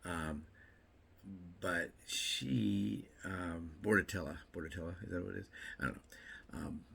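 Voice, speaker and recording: A man's voice: low voice, a little slow, creaky, sharp tone, a little hiss or hum. A man vlogging in a casual, rambling way, repeating himself and tossing in joking asides. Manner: rambling, chatty, self-interrupting with repeats and fillers. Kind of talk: casual morning vlog chat.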